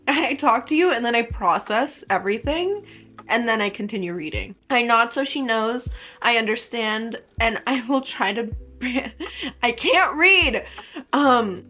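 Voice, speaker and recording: A woman's voice: a little high, pushed and bright. A young woman vlogging about a book, reading passages aloud and reacting with strong emotion between them.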